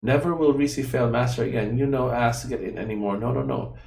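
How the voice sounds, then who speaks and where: Playing a small, nervous female guardian in a game, a man makes her childlike and eager to please, using broken grammar and the third person for herself. He talks fast in a mid-range, darkish, gravelly voice, lightly acted, in an echoey room with a little hiss or hum.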